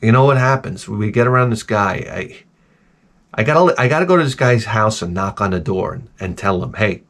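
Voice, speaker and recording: A man's voice: fairly low pitch, expressive, fairly quick, a bit bright. A man hosting a video, telling stories in a casual, profane, exasperated rant and jumping into exaggerated voices. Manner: acts out voices in exaggerated bursts. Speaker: video host. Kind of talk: casual ranting monologue.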